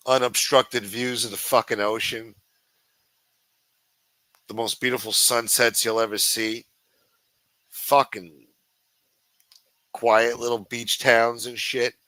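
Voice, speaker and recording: A man's voice: mid-range voice, little pitch movement, slow, pauses often, pushed and bright, dry recording, low-quality recording. A man hosting a livestream, ranting with constant profanity in a sneering, contemptuous way. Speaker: livestream host.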